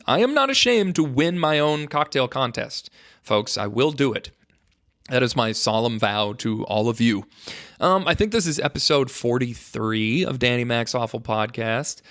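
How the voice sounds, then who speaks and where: A man's voice: mid-range voice, fairly bright tone. A man hosting his own podcast alone, talking in a rambling, joking way with mock-dramatic asides to his listeners. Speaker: podcast host. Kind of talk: casual solo podcast monologue.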